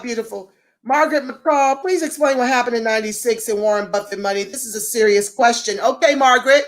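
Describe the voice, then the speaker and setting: A woman's voice: on the high side, fairly quick. Fiery woman hosting a livestream. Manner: talks straight to viewers, greets commenters warmly by name. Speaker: livestream host. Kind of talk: casual livestream chat.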